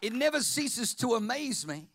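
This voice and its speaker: A man preaching a fervent sermon as pastor, swinging between shouted declarations and quiet asides. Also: very high-pitched, sing-song, normal speed, some chatter behind, slight background noise.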